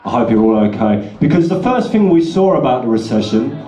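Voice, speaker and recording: A tipsy stand-up comic rambles and curses through his set at a pub open mic, slipping into shrill character voices. He speaks in a sing-song way, a little fast, with a dark tone in the echoey function room.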